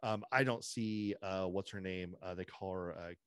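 A man's voice: low-pitched, moderate pace, fairly bright tone, clean tone, no echo, studio quality. A man hosting a podcast in casual chat, opinionated and rambling, restarting his sentences often. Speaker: podcast host.

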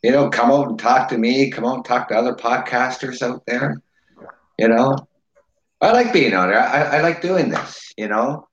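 A man's voice: medium pitch, normal speed, reverberant, lo-fi sound. A man from Ontario hosting a casual podcast chat, hesitant and full of "you know". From Ontario, Canada. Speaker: podcast host.

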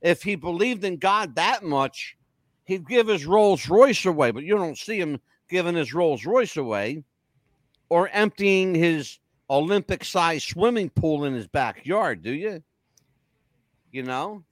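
A man's voice: fairly high pitch, animated, measured pace, dry recording. A man hosting a casual chat, blunt, profane and opinionated. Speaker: podcast host.

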